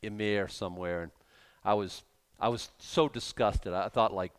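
A man preaching a sermon with animated delivery, swinging between hushed and loud. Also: on the low side, moderate pace, clean tone.

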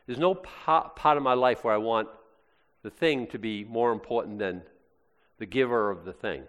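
A man preaching a sermon as pastor, animated and jokey, with playful asides. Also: mid-range voice, moderate pace. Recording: long hall reverb.

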